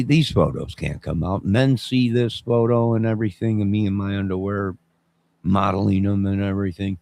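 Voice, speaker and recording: A man's voice: sits low, creaky, darkish tone. A man in his fifties hosting his own channel, chatting in a rambling, jokey way and answering viewers as he goes. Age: 50s. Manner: rambling, jokey, responds to chat. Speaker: channel host. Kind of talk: rambling live-stream chat.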